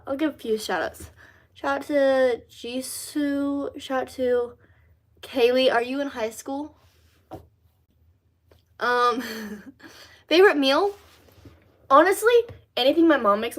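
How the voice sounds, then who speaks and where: A teenage girl from Louisiana hosts a casual livestream, reading comments and rambling cheerfully with plenty of fillers. Her voice sits a little high for a woman. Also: slow, pauses often. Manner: chatty, rambling, bubbly with many fillers. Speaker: livestream host.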